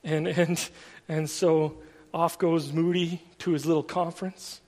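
A man's voice: on the high side, level tone, unhurried, a little mellow. A man preaching a sermon in a casual, storytelling way, full of everyday fillers. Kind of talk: conversational sermon. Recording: long reverb of a large hall.

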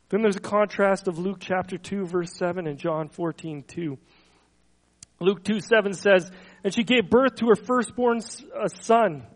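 A man's voice: on the high side, low-quality recording. A man preaching a sermon, reading scripture with earnest emphasis and stumbling over words between quotes. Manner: earnest, slows and swells on scripture quotes, soft trailing endings; stumbles and repeats words when speaking freely. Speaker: pastor.

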